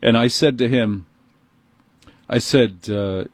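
A husky-voiced radio host with a New York accent, close on a studio mic in a dry booth. He tells his story in an animated, indignant way. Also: medium pitch, slow pace, pauses often, no room sound. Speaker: radio talk show host. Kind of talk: call-in talk radio monologue. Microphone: studio microphone.

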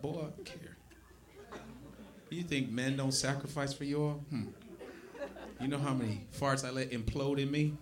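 A man doing a crude stand-up set in a comedy club, laughing at his own jokes and acting out voices. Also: medium pitch. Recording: club with loud audience laughter.

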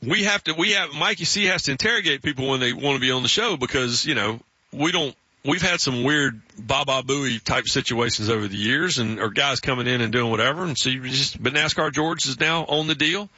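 A man's voice: mid-range voice, a little fast, sharp tone, slightly rough, dry recording, muffled recording. A man with a Southern American accent from South Carolina, hosting sports radio and telling stories with frequent laughs. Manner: storytelling, laughs often. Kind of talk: casual radio chat.

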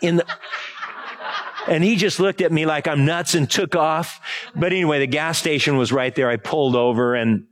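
Man, pastor, from Hawaii, slightly high voice, conversational sermon, rambling storyteller. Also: normal speed. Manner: rambling, conversational, asks the congregation for words. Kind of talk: informal sermon with a personal story.

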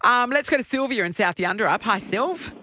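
A radio host introducing callers and teasing them in quick banter, laughing often. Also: mid-range voice, expressive, bright, forceful tone, a little hiss or hum.

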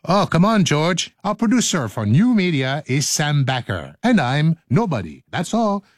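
A man's voice: fairly high pitch, sing-song, moderate pace, no room sound, studio quality. A middle-aged man hosting a radio show, joking and laughing his way through outtakes and retakes. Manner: playful, giggly, self-mocking.

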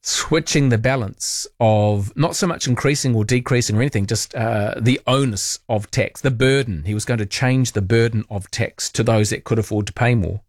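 A man's voice: medium pitch, moderate pace, hardly any pauses, no room sound, studio quality. A man hosting talkback radio, chatty and opinionated, musing aloud with playful asides.

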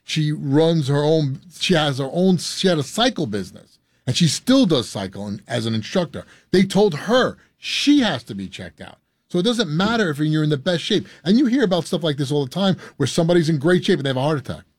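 A man's voice: a little high, very animated, fairly quick, dry recording, clean studio sound. A man speaking as a guest on a radio show, earnest, often restarting his sentences. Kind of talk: radio interview.

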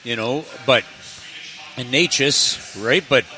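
A man's voice: mid-range voice, slow. A man co-hosting a hockey broadcast from an arena event, making emphatic points in casual talk. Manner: animated, emphatic, laughs easily.

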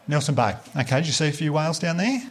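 A man's voice: a little high, expressive, very fast. A man with an Australian accent doing a stand-up comedy set in a club, telling chatty stories and teasing the crowd on a handheld mic. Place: comedy club stage with live audience.

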